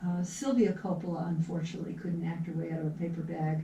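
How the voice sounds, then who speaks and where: A woman's voice: low voice, fairly even intonation, fast, mellow. A woman co-hosting a casual movie talk show, chatty and easily laughing, often trailing off mid-sentence. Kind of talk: casual chat about movies. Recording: echoey room, far from the mic, faint background noise.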